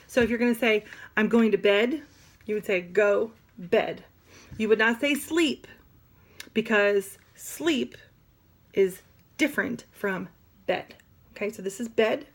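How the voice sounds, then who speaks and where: Animated woman teaching a sign class. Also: medium pitch. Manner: animated, demonstrative, with playful asides. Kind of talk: classroom lesson.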